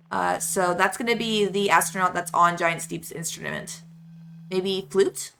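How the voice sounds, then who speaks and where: A woman's voice: on the low side, a little slow, creaky, fairly bright tone, a little hiss or hum. A young adult woman streaming a game, chatting casually and rambling with lots of fillers. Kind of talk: casual live-stream chat.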